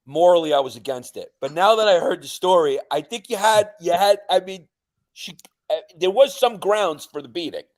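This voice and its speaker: A man's voice: a little high, no room sound. A man joining a podcast as a guest who riffs in a jokey, mock-serious way. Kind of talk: casual chat.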